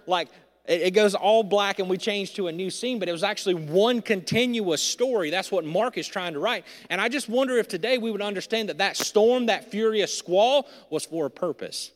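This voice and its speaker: A man preaching a sermon in a church, swinging between loud emphasis and hushed, intimate lines. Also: high-pitched, normal speed. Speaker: pastor. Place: church sanctuary. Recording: long hall reverb.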